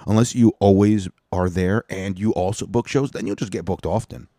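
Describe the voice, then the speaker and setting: A man with a very deep, mellow voice rambles through a profane solo rant, often stopping to correct himself. The sound is dry and close, with no room around it. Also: fairly even intonation, moderate pace, no echo. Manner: profane, rambling, self-interrupting. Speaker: stand-up comedian and podcast host.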